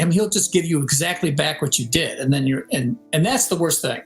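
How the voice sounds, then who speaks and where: Older guy with a gravelly voice, game audio director type, chatting about his work and acting out voices, soft music in the back. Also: on the high side, brisk, hardly any pauses, low-quality recording. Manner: animated storyteller, sings melodies and mimics voices. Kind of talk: casual interview over video call.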